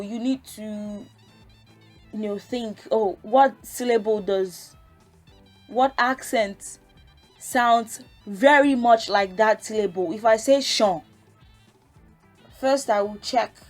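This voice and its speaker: A woman's voice: mid-range voice, takes it slowly, faint music behind. A woman teaching a language lesson, patiently explaining step by step and sounding out syllables. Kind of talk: casual spoken lesson.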